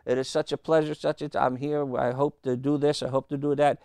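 A man voicing an excitable male landlord who turns from gushing politeness to sputtering, cursing rage. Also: medium pitch, brisk, creaky, smooth, dry recording, clean studio sound, close to an everyday voice. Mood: overly polite. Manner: sputtering, shouting curses bleeped as "beep".

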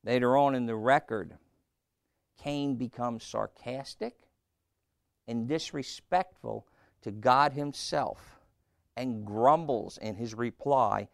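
A man's voice: mid-range voice, gravelly, no echo, studio quality. A man preaching a sermon, putting questions to his listeners and pressing each point. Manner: slow, emphatic preaching with questions to the congregation.

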